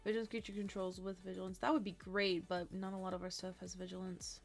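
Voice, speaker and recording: A woman's voice: mid-range voice, little pitch movement, fast talker, vocal fry, faint music behind. A tired woman casually chatting on a livestream as she builds a card deck, thinking aloud, humming and trailing off. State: tired, yawning.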